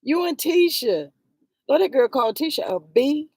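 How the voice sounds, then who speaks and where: A woman talks straight at the people she is criticizing, scolding and exasperated, and sighs to the Lord between points. Her voice sits at an ordinary middle pitch. The sound is dry and close, with no room echo. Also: big pitch swings, moderate pace, darkish tone. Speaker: vlogger commenting on a reality show. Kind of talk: heated livestream commentary.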